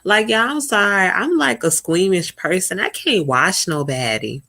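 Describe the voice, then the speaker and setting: A young woman hosting a live stream, talking bluntly and profanely in a casual chat, often swooping up high in pitch. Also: lively intonation, moderate pace, pushed and bright.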